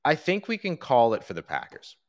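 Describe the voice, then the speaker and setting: A man co-hosting a sports podcast, talking casually and joking in quick, animated bursts. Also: mid-range voice.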